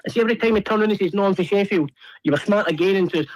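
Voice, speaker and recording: A man's voice: high voice, racing, dry recording, poor audio. A man chatting casually about boxing, teasing and mocking persistently. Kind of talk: casual chat and argument.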